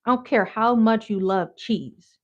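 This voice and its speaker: A woman's voice: a little high, unhurried. A woman from Wisconsin telling a story in a casual, chatty, blunt way as a vlogger. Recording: dull lo-fi audio.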